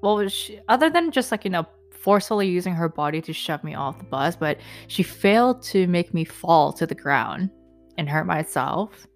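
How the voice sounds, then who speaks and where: A young woman vents in a fast, indignant ramble, swearing freely and packing her sentences with fillers. Her voice sits a little low for a woman. Soft music plays faintly underneath. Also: animated. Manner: indignant, profane, lots of fillers. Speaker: vlogger recounting an incident. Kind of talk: casual storytelling rant.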